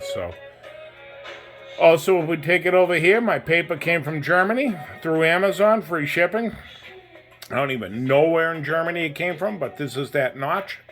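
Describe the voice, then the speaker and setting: A man's voice: a little high, fairly bright tone, poor audio. Rambling hobbyist man touring his layout. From New England, USA. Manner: rambling, plain-spoken, lots of fillers. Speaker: model railroad hobbyist. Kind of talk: casual layout tour narration. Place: home train layout room.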